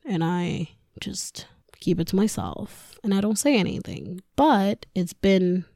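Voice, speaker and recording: A woman's voice: medium pitch, expressive, measured pace, creaky, warm tone, no echo, studio quality. A woman hosting a podcast, a mother with a young daughter, ranting casually and candidly with frequent swearing and laughter. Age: adult with a school-age daughter. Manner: candid and profane, laughs often. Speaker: podcast host. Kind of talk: casual personal rant.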